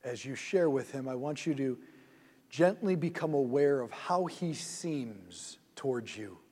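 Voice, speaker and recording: A man leading a guided prayer meditation in a church hall, speaking gently and soothingly and often dropping to a hush. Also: medium pitch, animated, unhurried.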